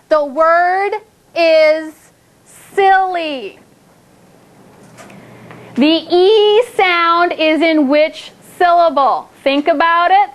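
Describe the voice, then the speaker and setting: A woman leads second graders through a phonics lesson in a classroom. Her voice sits very high, and she stretches each target word out slowly before cheering the children on. Classroom noise is clearly audible behind her. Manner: slow, drawn-out words for children, upbeat praise.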